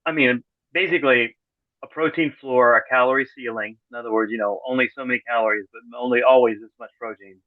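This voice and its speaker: A man's voice: mid-range voice, steady tone, fast, no room sound. Man on a tinny, dry call line. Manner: rambling, self-correcting, dry sarcastic humor. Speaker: podcast guest. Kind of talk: casual conversational interview. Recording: tinny phone-like call audio.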